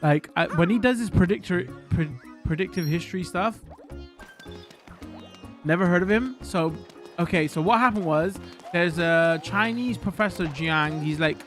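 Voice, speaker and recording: A streamer talks to their live chat at a mid pitch, wandering off on tangents and tripping over their own corrections. Now and then they jump up into loud, excited outbursts. Game music plays clearly underneath from a home streaming setup. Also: normal speed. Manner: rambling, chatty, self-correcting, jumpy bursts of excitement. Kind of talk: casual live-stream chat while gaming.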